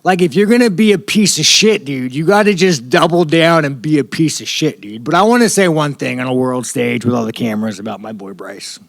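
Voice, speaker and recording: With hardly any pauses, this man from the United States, a pro fighter facing a media-day scrum, goes on in a blunt, profane, rambling way. He speaks fairly quickly at a fairly high pitch with vocal fry, and the sound is clean studio quality with no room sound.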